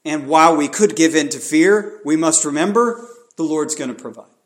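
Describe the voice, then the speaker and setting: A man's voice: fairly high pitch, moderate pace. A man preaching a sermon, emphatic and pressing his listeners with repeated rhetorical questions.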